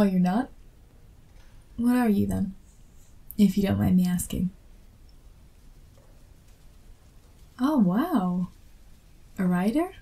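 A woman's voice: medium pitch, mellow, breathy edge. A woman voicing an awkward young female fan who meets her favorite author, in a whispered role-play with self-deprecating, apologetic chatter. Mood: shy chatty.

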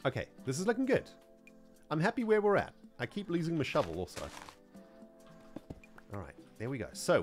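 A South African man streaming gameplay, chatting casually in an animated, slangy way and laughing often. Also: medium pitch. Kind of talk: casual gameplay livestream chat.

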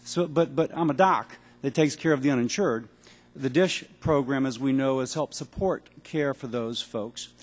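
Brisk man firing off hearing questions. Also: mid-range voice. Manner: brisk, auctioneer-like, blunt yes-or-no questioning. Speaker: congressman and physician questioning a witness. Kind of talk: rapid-fire hearing questions. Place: large hearing room.

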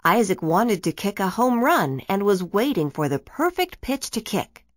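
A woman reads a children's storybook aloud with an animated, lively pitch. She narrates expressively, and the sound is close and dry. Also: normal speed, dry recording. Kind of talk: children's book read-aloud.

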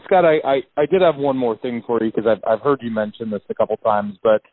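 A man hosts a podcast interview and stumbles over his first words, repeating them before he gets a question out. His voice has an ordinary mid pitch. The sound is narrow and phone-like, with no room around it. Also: expressive, brisk, no room sound. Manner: stammering, repeats words when starting a question. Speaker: podcast host. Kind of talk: casual interview.

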